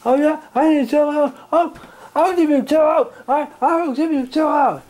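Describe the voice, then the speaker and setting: A performer playing a hot-tempered old grandpa in a home comedy skit, yelling and repeating himself. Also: high voice, moderate pace, close to an everyday voice. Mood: angry. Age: over 60. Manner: shouting, ranting, repeating himself.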